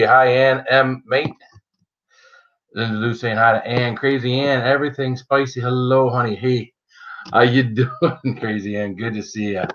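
A man's voice: medium pitch, a bit bright, dull audio, slight background noise. A man hosting a casual livestream, greeting viewers by name in a chatty, joking way. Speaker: livestream host. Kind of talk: casual live-chat greetings.

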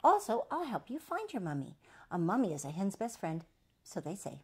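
A woman's voice: mid-range voice, huge pitch swings, moderate pace, darkish tone, breathy edge, full character voice. A woman voicing a chirpy wind-up toy hen who clucks.

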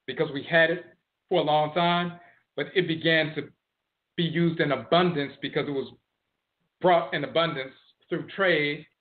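Guy lecturing, slightly high voice, repeats and spells words out, tinny phone-like sound. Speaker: teacher of ancestral religion. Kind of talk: lecture on history and etymology.

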